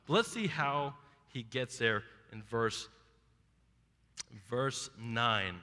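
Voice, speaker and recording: A man preaching a sermon, retelling a Bible story with lively, acted-out asides. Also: medium pitch, extremely slow, long reverb tail. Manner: animated storytelling, acting out biblical characters. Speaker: pastor.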